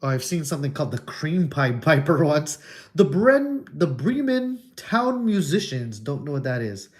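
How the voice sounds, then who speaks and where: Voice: medium pitch, very animated, moderate pace. A streamer casually working through a puzzle game, reading the text aloud and rambling with goofy, crude wordplay jokes.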